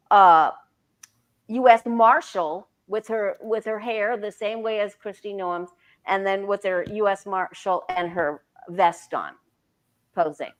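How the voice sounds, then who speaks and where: A woman's voice: medium pitch, fairly bright tone. A woman reading tarot on a livestream, chatting emphatically and repeating phrases for effect. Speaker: tarot reader, co-host. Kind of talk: casual live-stream chat.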